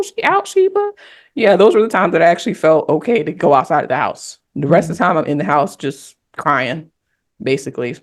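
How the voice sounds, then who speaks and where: A woman on a podcast panel, candidly and reflectively telling a personal story in casual conversation. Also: low-pitched.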